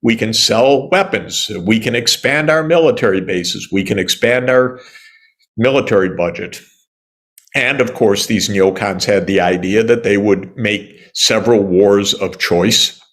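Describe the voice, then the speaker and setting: A man in his sixties from the United States, answering interview questions in an emphatic, indignant way with sarcastic asides and many pauses. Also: fairly low pitch, fairly bright tone. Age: 60s. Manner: frequent "uh" pauses and restarts. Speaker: economist interviewee.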